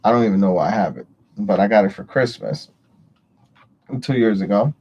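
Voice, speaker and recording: A man's voice: fairly low pitch, fairly quick, a little mellow, slightly rough. A man chatting casually on a livestream, greeting viewers and rambling with frequent swearing. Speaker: livestream host.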